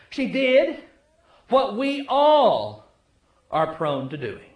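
A male pastor preaching a sermon, telling the story with swings from loud to hushed. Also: very high-pitched, huge pitch swings, drawn-out words, long pauses, roomy sound, dull audio.

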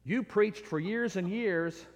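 A man preacher voicing Saint Peter as a calm, amused heavenly gatekeeper. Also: sits high, takes it slowly, big-room sound. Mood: genial.

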